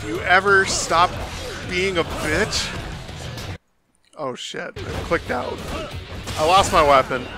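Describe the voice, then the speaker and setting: A man's voice: high-pitched, slow, long pauses. A man commentating a video game play-through, frustrated and swearing constantly, while sick. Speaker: gaming streamer. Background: game music.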